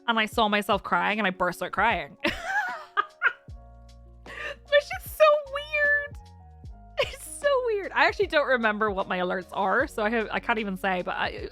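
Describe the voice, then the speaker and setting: Woman, high voice, teary, laughing often, casual stream chat, faint music behind. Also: pushed and bright. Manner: emotional, laughs often, reads chat aloud. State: teary, close to crying.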